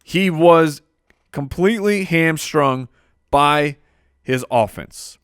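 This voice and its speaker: A man co-hosting a fantasy football podcast, with quick teasing banter. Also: fairly high pitch, a bit bright, clean tone, no room sound, studio quality. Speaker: podcast co-host.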